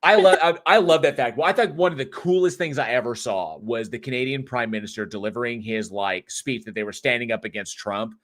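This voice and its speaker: A man at an ordinary middle pitch hosts a casual live online talk show. He chats, rambles and jokes with the audience, loose and unscripted. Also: brisk, few pauses, fairly bright tone. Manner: chatty, jokey, rambling. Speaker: host.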